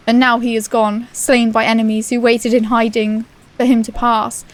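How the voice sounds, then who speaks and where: A woman's voice: a little high, level tone, moderate pace, close to an everyday voice. A woman voicing a young woman mourning her slain brother in a proud, bitter lament. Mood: grieving.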